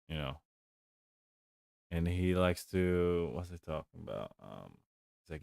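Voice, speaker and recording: Male game streamer, deep voice, slow rambling delivery, chuckles a lot. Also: sing-song, gravelly, a little mellow, dry recording, clean studio sound. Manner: rambling, laid-back, chuckles often. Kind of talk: casual gaming stream chat.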